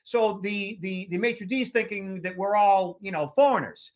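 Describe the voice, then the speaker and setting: Chatty male podcast host from Boston, high voice, rambling anecdotal delivery. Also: normal speed. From Boston area, USA. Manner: chatty, many fillers and restarts. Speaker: podcast host, security expert. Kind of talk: casual podcast storytelling.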